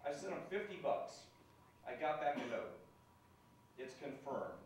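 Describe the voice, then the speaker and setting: A man's voice: on the high side, animated, moderate pace. A man doing a stand-up routine in a club, with a dry, wry delivery and chuckles at his own jokes. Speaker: stand-up comedian. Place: comedy club stage. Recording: echoey room from far off with ambient noise.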